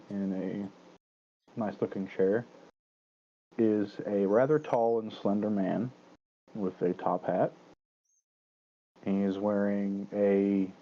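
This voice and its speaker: A man narrating a tabletop game as dungeon master, in a relaxed, casual manner. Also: lowish voice, takes it slowly, long pauses, dull audio, a little hiss or hum.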